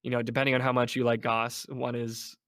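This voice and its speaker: A man chatting casually as a guest on a podcast, animated and playful, slipping into mock voices. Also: mid-range voice, fairly quick. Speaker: guest, game developer.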